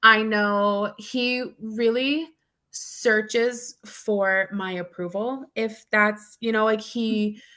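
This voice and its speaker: Woman, childcare teacher, chatty and laughing, middle pitch, acts out kids' lines. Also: steady tone, very slow, bright, forceful tone. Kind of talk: casual conversation.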